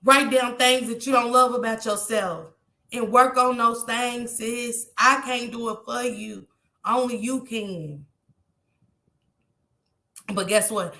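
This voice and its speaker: A woman's voice: a little high, fairly even intonation, slow pace, long pauses, sharp tone, reverberant. A tearful woman, talking heartfelt and repetitive to her viewers on a live stream.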